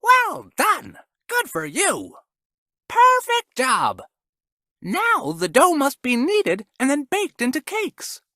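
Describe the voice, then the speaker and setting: A woman voicing squeaky playful little mice. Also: takes it slowly, dry recording, clean studio sound, heavily acted. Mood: squeaky, excited. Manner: squeaky, excited. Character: two small playful lazy mice.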